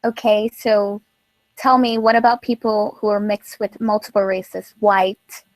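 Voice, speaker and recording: A woman's voice: medium pitch, fairly even intonation, unhurried, no room sound. A woman on a live video chat, speaking earnestly and asking indignant questions. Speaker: panel guest. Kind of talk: casual chat.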